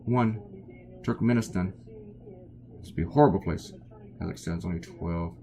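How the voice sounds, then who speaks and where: A man's voice: low-pitched, normal speed, vocal fry, warm tone. A tired man from the United States, a cartoonist chatting casually and rambling off topic while he draws. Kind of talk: casual chat while drawing.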